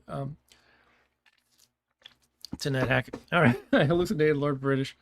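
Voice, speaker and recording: A man's voice: mid-range voice, steady tone, normal speed, vocal fry, pauses often. A man giving casual let's-play commentary, thinking aloud and laughing often, with keyboard clicks behind him. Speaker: gameplay streamer.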